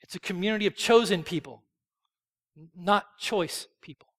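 A man preaching a sermon. He swells loud on key phrases, then drops soft. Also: sits high, moderate pace, big-room sound. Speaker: pastor. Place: church sanctuary.

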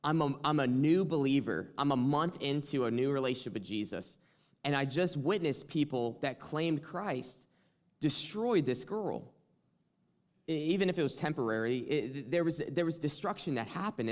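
A man's voice: on the high side, expressive, normal speed. A young man preaching a sermon, telling a personal story earnestly and building to impassioned emphasis.

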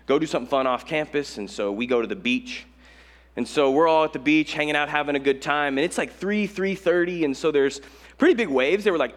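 A young man from Colorado, a high school pastor, preaching a casual sermon full of self-mocking stories, voice rising sharply when he acts out his own panic. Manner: conversational storytelling with self-mocking humor.

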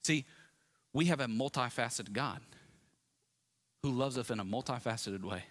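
Bright-voiced male preacher, animated. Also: medium pitch, moderate pace. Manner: animated, conversational preaching with asides. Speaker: pastor. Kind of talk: sermon.

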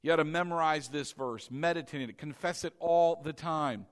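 A middle-aged male pastor preaching a sermon, loud and passionate, often calling out to the congregation for responses. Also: on the high side, normal speed.

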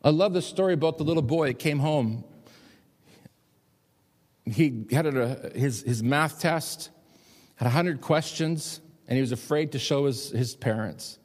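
A man's voice: measured pace, a little mellow. A middle-aged man preaching a sermon in a church, emphatic and pressing his points. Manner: emphatic, rising high when pressing a point. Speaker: pastor. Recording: long hall reverb.

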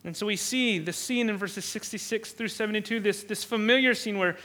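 A man's voice: sits high, a little fast, pushed and bright. A man preaching an expository sermon who often repeats words while he thinks and acts out the quoted lines. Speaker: pastor.

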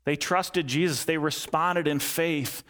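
A male pastor preaching a sermon earnestly, repeating key lines and dropping his voice soft and low for emphasis. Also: steady tone, slow.

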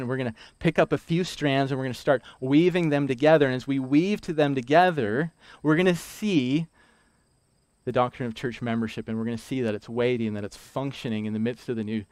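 A man preaching a sermon, emphatic, repeating key lines slowly for weight. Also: medium pitch, dry recording. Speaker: pastor.

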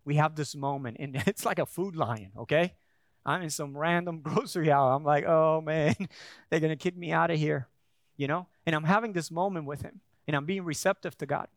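High-voiced pastor preaching in a dry room. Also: male voice, brisk, no room sound. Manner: conversational storytelling with frequent restarts; builds to emphatic preaching. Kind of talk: sermon. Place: church.

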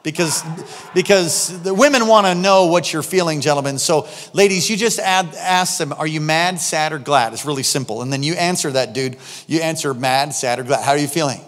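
Pastor guy preaching, kinda high voice, gets loud then drops quiet, echoey big hall. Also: fairly quick. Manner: animated, swings between loud exclamations and quiet low asides. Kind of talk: sermon.

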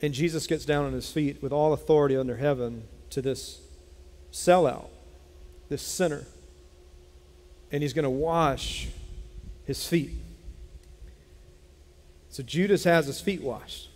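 A man preaching a sermon as pastor, telling a Bible story in an animated way and acting out its characters. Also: on the high side, a little slow, long pauses. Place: church sanctuary. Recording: long hall reverb.

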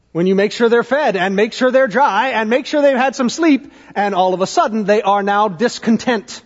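A man in his thirties, a pastor, preaching a conversational sermon in a church with lively questions to the congregation. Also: very high voice, husky. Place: church sanctuary. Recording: dull, lo-fi sound with long hall reverb.

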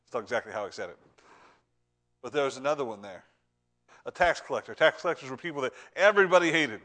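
A man preaching a sermon with fervor, repeating and restarting words, swinging between loud urgent lines and hushed ones. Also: mid-range voice, expressive, fast talker.

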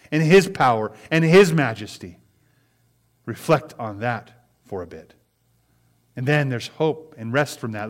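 Pastor, male, slightly high voice, reflective sermon delivery, draws out scripture and repeats points. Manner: repeats key phrases, stretches scripture slowly, asks "Amen?".

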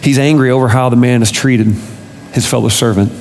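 A man's voice: mid-range voice, steady tone, brisk, darkish tone, big-room sound, slight background noise. A man preaching a sermon with impassioned delivery that builds to emphatic, rising peaks. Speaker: pastor.

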